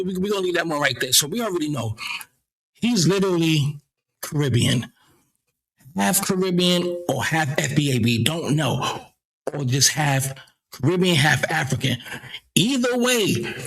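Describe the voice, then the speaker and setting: Blunt, husky-voiced man hosting commentary. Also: fairly high pitch, normal speed, a bit bright. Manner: blunt, profane, stammers and repeats himself. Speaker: commentary channel host. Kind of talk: casual commentary.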